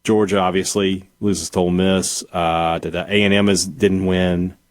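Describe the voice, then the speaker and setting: A man with a fairly low voice co-hosts a sports talk radio show, thinking aloud as he works through his points. The sound is dry and close, with no room echo. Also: little pitch movement, moderate pace.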